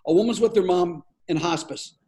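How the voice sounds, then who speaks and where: High-voiced, playful older comedian man. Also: normal speed. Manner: playful, animated storyteller with frequent laughs. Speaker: comedian guest. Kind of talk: storytelling in a podcast interview.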